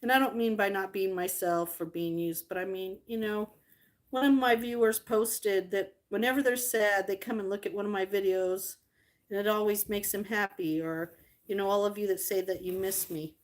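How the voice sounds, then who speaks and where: A woman's voice: medium pitch, steady tone, moderate pace. Chatty woman vlogger cooing over old dolls. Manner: chatty, doting, rambling with fillers. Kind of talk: casual livestream chat.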